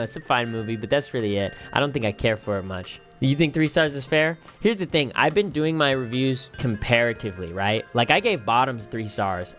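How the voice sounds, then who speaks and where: A man's voice: mid-range voice, a bit bright. A man casually reviewing movies on a stream, rambling and repeating phrases with lots of fillers.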